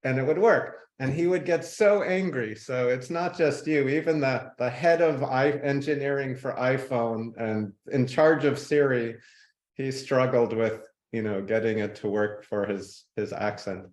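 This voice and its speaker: Guy on a podcast telling tech stories, average pitch, kinda echoey room. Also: unhurried. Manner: relaxed, laughs easily, mimics people in anecdotes. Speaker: guest, tech innovator. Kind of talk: conversational interview storytelling.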